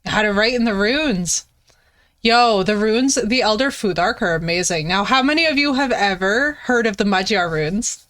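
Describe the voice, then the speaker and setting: Chatting casually on stream, a woman tells a story with animated swearing, frequent laughs and big vocal jumps. Her voice is medium-pitched and her speed normal.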